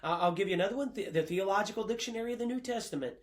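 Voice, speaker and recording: Male Bible college professor with a high voice, lecturing a class emphatically and pausing often on fillers. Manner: emphatic, quotes sources, frequent uh fillers.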